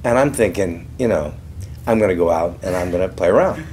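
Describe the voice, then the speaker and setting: A man's voice: low voice, lively intonation, fairly quick, a little mellow, a little hiss or hum. A man in his sixties from California, a guest on a talk show, telling self-deprecating anecdotes and teasing the host. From California, USA. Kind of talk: casual storytelling interview.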